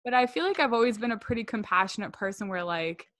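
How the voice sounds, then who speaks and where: A woman's voice: fairly high pitch, expressive, fast talker, a bit bright, dry recording, clean studio sound. A young woman co-hosting a podcast, chatting casually and rambling with lots of "like" and "you know". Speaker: podcast co-host.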